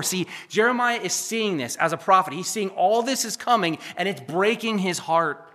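A male pastor preaching a sermon, building to emphatic peaks and then dropping to quiet, confiding asides. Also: sits high, animated, moderate pace, few pauses. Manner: preachy, rises to near-shouting then drops to a hush.

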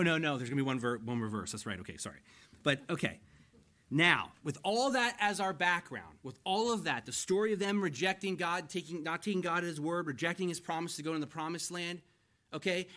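A pastor preaching a conversational sermon. He reads scripture slowly and with emphasis, then explains it and asks the listeners questions. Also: on the high side, sharp tone.

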